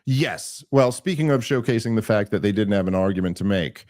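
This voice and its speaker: A man hosting a podcast, telling a story in casual chat, animated and full of restarts and mocking asides. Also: fairly low pitch, brisk. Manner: animated, mocking quoted voices, many restarts. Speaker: podcast host.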